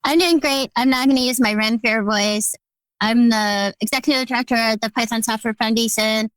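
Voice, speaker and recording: A woman's voice: fairly high pitch, fairly even intonation, moderate pace, fairly bright tone, no echo, rough recording. A woman guest on a podcast, introducing herself in an upbeat, direct way.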